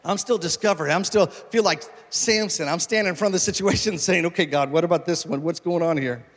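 Male pastor, high-ish voice, animated sermon storytelling, long church reverb. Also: fairly quick. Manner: animated, acts out quoted voices, jokes with congregation.

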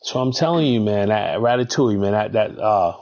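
A man who is a chef, telling stories in an animated, emphatic way in casual chat. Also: lowish voice, brisk, lo-fi sound. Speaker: chef and co-host.

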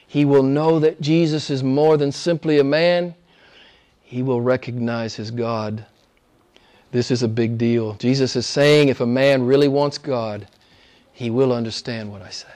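A man preaching an expository sermon, swinging from loud, soaring exclamations to hushed near-whispers and drawing key words out slowly for emphasis. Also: medium pitch. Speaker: pastor.

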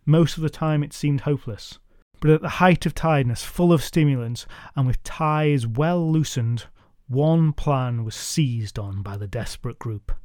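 A man's voice: on the high side, measured pace, hardly any pauses, a little mellow, dry recording, clean studio sound. A man retelling an old myth for a podcast in a wry, conversational way, musing aloud to his listeners. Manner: wry, conversational, does character voices. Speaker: podcast storyteller.

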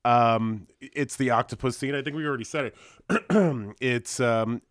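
A man's voice: medium pitch, a little slow, dry recording, clean studio sound. A man with kids, a guest on a podcast, chatting casually and laughing often. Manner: animated, laughs often, acts out film quotes. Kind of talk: casual chat.

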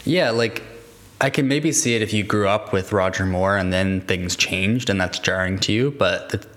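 A man co-hosting a casual chat, relaxed and easygoing, leaning on "like" as he talks. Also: deep voice, moderate pace. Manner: relaxed, heavy use of "like", easygoing laughs. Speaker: podcast co-host.

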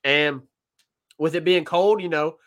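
Guy co-hosting a sports podcast, bright kinda high voice, laughs a lot, lots of ums. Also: unhurried. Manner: chatty, laughs often, many fillers. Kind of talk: casual sports chat.

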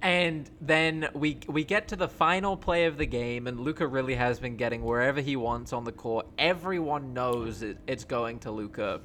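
A man in casual sports chat, talking in an excited, rambling way with many fillers. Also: mid-range voice, moderate pace, few pauses, slight background noise.

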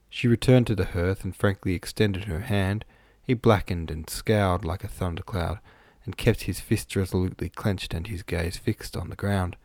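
A man narrating a classic novel in a steady, measured storytelling voice. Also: low voice, no echo, studio quality. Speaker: audiobook narrator. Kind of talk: scripted narration.

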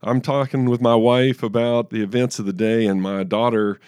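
A man's voice: medium pitch, level tone, moderate pace, a little mellow, smooth, no room sound, studio quality. A man in his thirties co-hosting a faith podcast, telling personal stories in an earnest way with frequent restarts. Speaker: podcast co-host. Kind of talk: casual faith discussion.

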